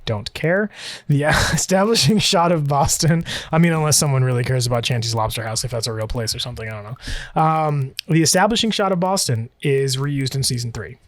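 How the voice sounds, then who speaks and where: A man's voice: mid-range voice, brisk, dry recording. A man co-hosting a podcast, chatting casually and rambling, often interrupting himself and laughing. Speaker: podcast co-host. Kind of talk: casual chat.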